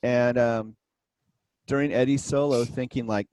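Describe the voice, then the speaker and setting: A man on a casual music podcast, telling stories in a wry, halting way. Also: fairly high pitch, no room sound. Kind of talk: casual chat about music.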